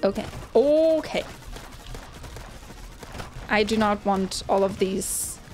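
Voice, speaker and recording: A woman hosting a gaming channel, giving excitable let's-play commentary with lots of exclamations. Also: mid-range voice, slow. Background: game music.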